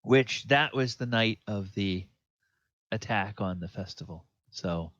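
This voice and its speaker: A man narrating as the dungeon master, slow and drawn out, with many fillers. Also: on the low side, a bit bright, muffled recording. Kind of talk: narrating a tabletop game.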